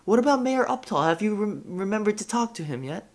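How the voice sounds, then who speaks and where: A man voicing a ditzy, dreamy young elf woman who talks in a high, wondering tone. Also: lively intonation, brisk. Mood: excited.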